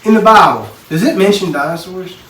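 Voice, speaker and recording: Casting note: man, podcast co-host, somewhat high voice, animated storyteller, roomy distant mic. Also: fairly quick. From Texas. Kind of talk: casual chat. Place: basement. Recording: echoey room, mic at a distance, faint noise.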